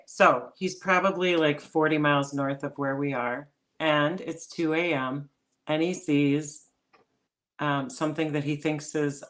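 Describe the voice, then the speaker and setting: A chatty woman from northern Minnesota co-hosts a relaxed podcast. She tells her stories with frequent laughter. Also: low-pitched. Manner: chatty storyteller, laughs often. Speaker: podcast co-host. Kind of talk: casual podcast chat.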